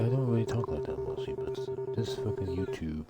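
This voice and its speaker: A man's voice: on the low side, a little fast. A man giving casual let's-play commentary, rambling and crude, swearing a lot. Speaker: gameplay commentator. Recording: game music behind voice.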